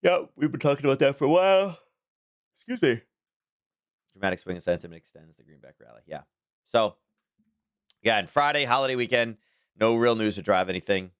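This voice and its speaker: A man's voice: mid-range voice, very animated, brisk, pauses often, clear, resonant tone, no room sound, studio quality. A man hosting a casual daily market commentary stream, talking in a rambling, chatty way with frequent chuckles.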